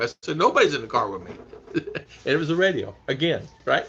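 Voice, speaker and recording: A man's voice: a little high, sing-song, quick pace, pushed and bright, breathy edge, lo-fi sound. A man hosting a casual live stream, chatting with viewers, reading their names aloud and laughing often. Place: home in the Philippines.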